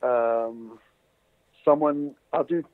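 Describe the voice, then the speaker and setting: A man's voice: mid-range voice, very slow, no room sound. Doctor guest calling in: rambling male storyteller, dry and tinny phone sound. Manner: rambling storyteller with many fillers and restarts. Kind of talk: casual interview over the phone.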